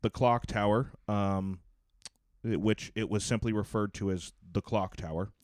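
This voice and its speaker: Brief: low smooth-voiced man, hesitant explainer, dry close sound. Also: fairly even intonation, a little mellow, dry recording. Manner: halting explainer, many ums and uhs. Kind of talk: casual chat.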